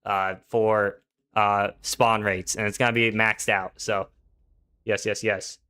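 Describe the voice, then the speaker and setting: Bright, laid-back young male gaming streamer. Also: on the low side, little pitch movement, slow pace, clean tone. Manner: laid-back, slangy, chatty, reads chat aloud. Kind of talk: casual live-stream commentary.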